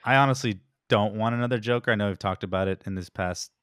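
Man, co-host, low-ish voice, quick quips, dry close recording. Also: fairly bright tone, smooth, no room sound. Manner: short quips and agreement. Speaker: podcast co-host. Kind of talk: casual chat.

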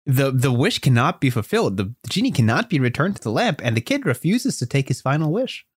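Guy making up a story on a podcast, rambly and animated, dry close mic. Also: medium pitch, a little fast, slightly rough, dry recording. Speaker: podcast host. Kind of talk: improvised storytelling.

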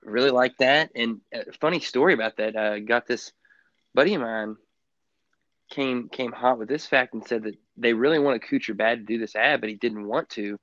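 A man co-hosting a sports podcast in casual chat, rambling with lots of halting restarts. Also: mid-range voice, a bit bright, no echo. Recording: dull, muffled lo-fi sound.

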